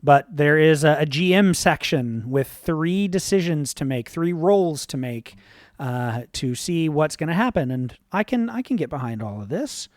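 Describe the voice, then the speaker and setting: A game master narrating a tabletop game on a live stream, upbeat and relaxed, filling pauses with lots of "uh" and casual swearing. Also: mid-range voice, dry recording, clean studio sound.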